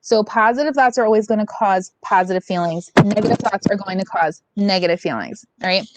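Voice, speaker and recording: A woman's voice: medium pitch, brisk, poor audio. A woman giving a casual, reassuring workshop talk over a video call and leading a guided breathing exercise, often checking in with "okay?". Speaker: union support presenter.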